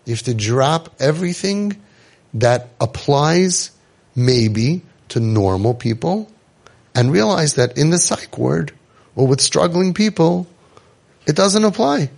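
A man's voice: on the high side, expressive, slow pace, vocal fry, darkish tone. A man giving an inspirational talk to an audience, telling stories with jokes and acting out the people he quotes. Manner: joking, acts out quoted people. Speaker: inspirational speaker.

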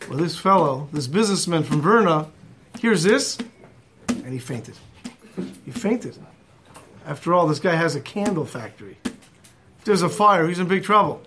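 A man's voice: a little high, lively intonation, normal speed, pauses often, sharp tone, a little hiss or hum. A man teaching a Torah class in English mixed with Hebrew terms, telling a story and acting out its quotes.

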